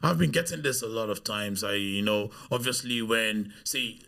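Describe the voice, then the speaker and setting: A man tells stories on a podcast, bringing each one to life by mimicking the voices of the people in them. His voice has a gravelly texture and a sharp, bright edge. The delivery is relaxed, chatty and conversational. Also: lowish voice, moderate pace. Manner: animated, acts out the voices of people he quotes. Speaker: podcast guest. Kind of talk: casual storytelling.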